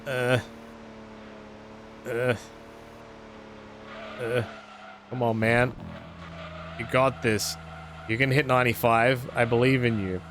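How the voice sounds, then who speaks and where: A man's voice: mid-range voice, fairly even intonation, takes it slowly, pauses often, noisy background. A man streaming a racing game, talking to himself in a sarcastic, self-deprecating way. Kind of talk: casual gameplay commentary.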